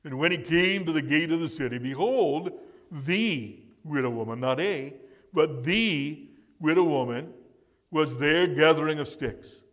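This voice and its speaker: A man's voice: a little high, measured pace, fairly bright tone. A man preaching a sermon as pastor, stressing and repeating key words for emphasis. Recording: long reverb of a large hall.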